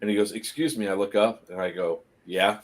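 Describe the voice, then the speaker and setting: A man telling a story casually on a live stream, animated, laughing often and acting out the people in it. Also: sits low, brisk.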